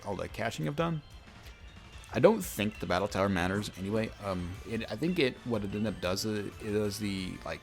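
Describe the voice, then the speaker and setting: A young man with a deep, low voice that often drops into gravelly fry, talking casually while he plays a game. He rambles and interrupts himself, stacking fillers and restarts as he tells a story, with faint game music underneath. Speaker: gaming YouTuber. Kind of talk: casual let's-play chat with storytelling.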